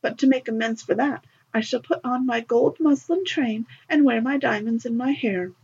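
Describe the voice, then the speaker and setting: A woman's voice: a little high, normal speed, vocal fry, darkish tone, slightly rough, pitched above the performer's own voice, full character voice. A woman doing a vain haughty young stepsister. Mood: preening. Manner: preening, self-satisfied. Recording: dull lo-fi recording.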